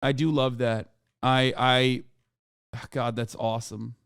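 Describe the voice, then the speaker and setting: Man, 30s, streamer, profane, ranting, smooth voice, dry sound. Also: mid-range voice, level tone, slow pace, a bit bright, no room sound. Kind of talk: casual livestream commentary.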